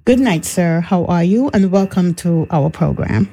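A woman hosting an interview show, with a mellow, rounded voice. She speaks in formal, measured phrases as she introduces her guest. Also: fairly low pitch, animated, breathy edge, rough recording. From Montserrat. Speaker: radio program host. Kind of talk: hosted interview.

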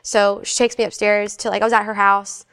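A woman telling a personal faith story in a casual, animated way, briefly acting out the voices of the people in it. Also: mid-range voice, a little fast, clean tone, dry recording, clean studio sound. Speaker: guest sharing her faith testimony.

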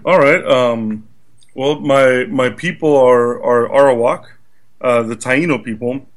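A man answering interview questions on a radio show, easygoing and measured, with a dry joking streak. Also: medium pitch. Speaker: radio guest.

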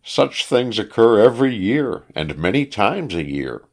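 A man reading an audiobook, voicing a worldly lawyer in a slightly raised, measured, matter-of-fact manner. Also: lowish voice, very animated, voice pushed up, heavily acted. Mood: cynical. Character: worldly cynical lawyer, middle-aged man.

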